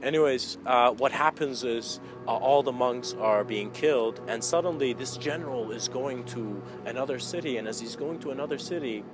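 A man delivers a meditative spiritual lecture at an unhurried, reflective pace. His voice sits at an ordinary middle pitch. Music plays clearly behind him throughout. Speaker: spiritual teacher.

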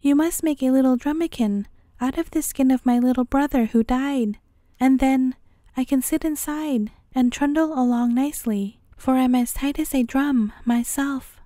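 A cheeky little storybook lamb, frisky and sly, chanting his rhymes in a high sing-song voice, as a woman reading aloud puts him on. The tone is warm and mellow and the sound is close and dry. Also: normal speed, no echo, natural voice.

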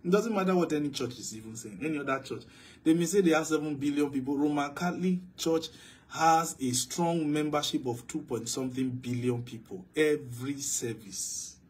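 A man preaching with real force, his voice pitched a little higher than most men's. He builds to loud, emphatic declarations and then drops to low, quiet asides, as a pastor working through a sermon. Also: a little fast.

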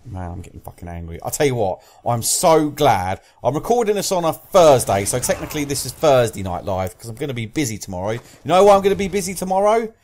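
A young man with a British accent rants his way through an online shooter match, swearing at every turn. His voice sits a little high and jumps wildly between growled mutters and sudden shouts. A faint hiss sits under the recording. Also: sing-song, fast talker, few pauses. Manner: swears constantly, rages at teammates and enemies. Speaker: gaming commentator. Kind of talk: live gameplay commentary.

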